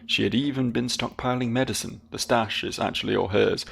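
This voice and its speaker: A man's voice: on the low side, steady tone, brisk, gravelly, fairly bright tone, breathy edge, exaggerated voice. A British man voicing a theatrical woman, a fallen caravan singer, reading her lines in a dramatic, mournful way.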